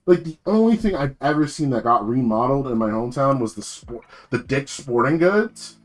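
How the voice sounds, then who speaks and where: Young jersey dude on stream, cursing a lot, rambling, middle-pitched voice. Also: male voice, animated, moderate pace. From New Jersey. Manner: slangy, profane, rambling. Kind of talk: casual live-stream chat.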